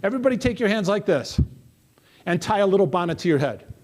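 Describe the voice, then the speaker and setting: Man speaker, high voice, energetic, audience prompts, memory workshop. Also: fast talker. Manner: energetic, coaxing audience participation. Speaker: motivational speaker. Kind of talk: interactive memory workshop talk.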